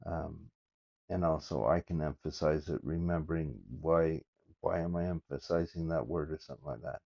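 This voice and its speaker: Older man, low dark voice, lo-fi phone. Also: steady tone, creaky. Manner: reads verses aloud with halting, thinking-aloud asides. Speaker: scripture study vlogger. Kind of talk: casual scripture study talk. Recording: dull lo-fi phone recording.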